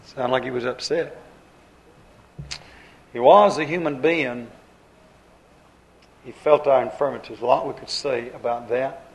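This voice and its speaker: A man's voice: mid-range voice, steady tone, unhurried, pauses often, low-quality recording. A man preaching a sermon in a folksy, conversational way, repeating his phrases and using plain, homespun grammar.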